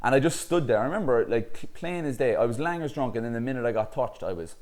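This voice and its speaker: A man with a Cork Irish accent telling stories as a podcast guest in casual, animated talk, swearing freely and laughing as he goes. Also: mid-range voice, quick pace. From Cork, Ireland. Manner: animated storyteller, swears freely, laughs through his lines. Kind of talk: casual interview storytelling.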